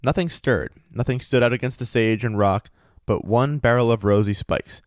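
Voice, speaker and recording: A man reads a story aloud, steady and even. His voice sits in a middle pitch. The sound is dry and close. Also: moderate pace, no room sound. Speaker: story reader and host. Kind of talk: reading a story aloud, then casual chat.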